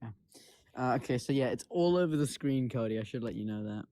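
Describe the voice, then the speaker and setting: A man co-hosting a casual livestream, bantering in a relaxed, laid-back way. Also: medium pitch, a little fast, no room sound. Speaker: livestream co-host.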